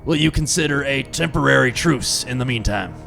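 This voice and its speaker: A man playing a stern starship captain in a radio drama, speaking in a deliberate, commanding way. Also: medium pitch, expressive, creaky, a bit bright, soft background music.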